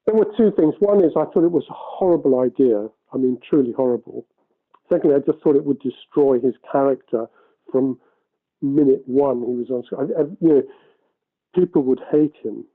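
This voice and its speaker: A man in an archival interview, recounting a production decision in a rambling, self-correcting, animated way. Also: medium pitch, moderate pace. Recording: tinny phone-like archive audio.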